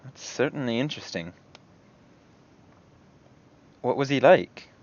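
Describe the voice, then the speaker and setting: A man voicing a polite, gentle woman cleric in a tabletop game, with soft, concerned, proper phrasing. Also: mid-range voice, animated, unhurried, pitched above the performer's own voice, close to an everyday voice. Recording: muffled lo-fi recording.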